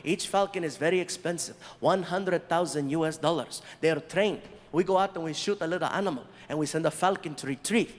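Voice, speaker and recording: A comedian putting on a proud falcon keeper. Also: male voice, on the high side, fairly quick, hardly any pauses, lightly acted. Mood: matter-of-fact. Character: proud older male falcon keeper, matter-of-fact. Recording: live stage audio in a large hall.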